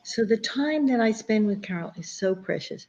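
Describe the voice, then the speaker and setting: A woman's voice: medium pitch, expressive, moderate pace. A woman giving a heartfelt, emotional tribute to a friend, her voice catching as she speaks. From New York area. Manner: warm and emotional, voice catching near tears. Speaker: guest speaker, friend of the poet.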